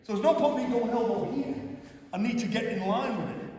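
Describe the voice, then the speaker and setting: A man's voice: extremely high pitch, brisk, warm tone. A man with a Cumbrian accent teaching a karate class, talking in a chatty way and often checking in with his students. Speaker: karate instructor. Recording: echoey hall from far off.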